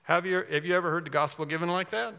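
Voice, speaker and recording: A man preaching a sermon, earnest and emphatic, circling back to repeat his key phrases. His voice sits high and sounds bright and forward. It rings out with a long reverb, as in a large hall. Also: quick pace, vocal fry, clear, resonant tone.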